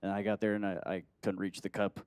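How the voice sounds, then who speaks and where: A man's voice: sits low, little pitch movement, fast talker, a little mellow, clean tone, no echo. Hesitant man doing open-mic stand-up, dry sound. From Phoenix, USA. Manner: hesitant, full of uhs, laughs nervously. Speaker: comedian.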